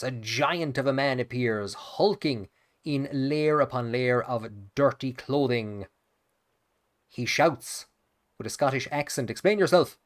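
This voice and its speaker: A man hosts a let's play, reading the game's event text aloud in a voice of ordinary, middle pitch. He breaks off between passages with dry, joking asides.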